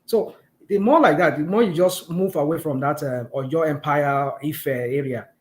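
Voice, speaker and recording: A man's voice: fairly high pitch, normal speed. A Nigerian man hosting a casual chat, explaining earnestly with many fillers. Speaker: host.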